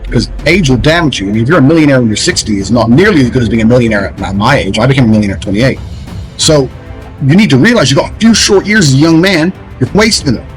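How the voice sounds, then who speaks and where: A man's voice: mid-range voice, lively intonation, quick pace, poor audio. A man from England, delivering a blunt, profane motivational rant that lectures listeners and mocks the way other people talk. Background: faint background music.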